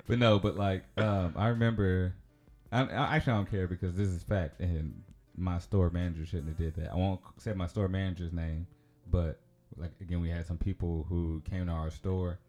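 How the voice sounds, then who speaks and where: A man's voice: low-pitched, fairly even intonation, normal speed, darkish tone, faint music behind. A man, telling a personal story in a casual, rambling way with many fillers and laughs. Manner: rambling, chatty, laughs often, lots of fillers. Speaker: podcast host.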